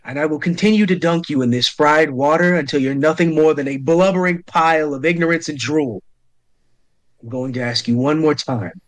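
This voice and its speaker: A man voicing a cold male interrogator who threatens his captive slowly and calmly. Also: a little high, close to an everyday voice. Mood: menacing. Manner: slow, calm, threatening.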